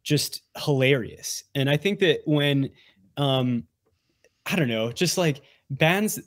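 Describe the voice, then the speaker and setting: Animated rambling male podcast guest. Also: medium pitch, slow, no echo, clean studio sound. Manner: animated, rambling, lots of "like" and restarts. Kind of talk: casual conversational interview.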